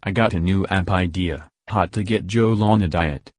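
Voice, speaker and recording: A man narrating a scripted English pronunciation lesson in a measured, instructive way. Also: deep voice, a little mellow, no echo, clean studio sound.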